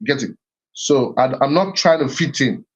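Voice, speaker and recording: A middle-aged man talks with medium pitch and moderate pace, offering sincere reflections on identity and heritage. He keeps restarting phrases and repeating himself, and the audio is slightly muffled.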